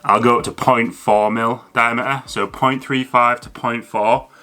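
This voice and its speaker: A man who hosts a fishing channel explains gear to camera in a chatty, casual way, loose with fillers and restarts. His voice is medium-pitched with fairly even intonation and a measured pace, over a noisy background, in casual educational talk.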